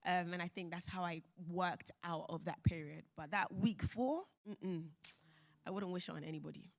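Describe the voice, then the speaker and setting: A woman on a conference panel, telling a personal story in an animated way and acting out the people she quotes. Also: fairly low pitch, normal speed, gravelly. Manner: animated, acts out quoted voices, laughs often. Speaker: panel speaker.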